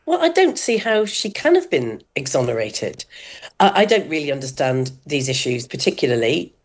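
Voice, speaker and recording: Low-voiced woman, indignant radio guest. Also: big pitch swings, breathy edge. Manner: earnest, indignant, slightly halting. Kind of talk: talk radio discussion.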